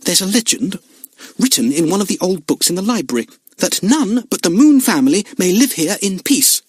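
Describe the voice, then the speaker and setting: A harsh, loud woman who is sure the castle is cursed and keeps insisting on her warnings, as a man reading an audiobook puts her on. Her voice sits well above his own and swings widely, recorded close and dry with no room sound. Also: sits high, sing-song, moderate pace, slightly rough, no room sound, pitched above the performer's own voice, full character voice. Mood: frightened. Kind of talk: audiobook character voice.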